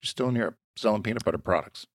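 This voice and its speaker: Man, podcast co-host, gravelly, quick talker, rambling anecdotes, dry sound. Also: on the low side, expressive, dry recording. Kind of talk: casual chat.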